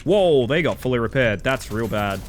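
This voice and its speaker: A man streaming a game from home and chatting casually in a rambling, animated way. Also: mid-range voice, normal speed, a little hiss or hum. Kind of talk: casual chat while gaming.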